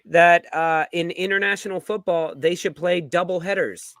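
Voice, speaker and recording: Brief: man co-hosting a football fan show, jokey and laughing, a bit high-pitched, dry mic. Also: fairly even intonation, moderate pace, a bit bright, no room sound. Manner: joking, laughs often. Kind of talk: casual banter. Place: live-streamed show.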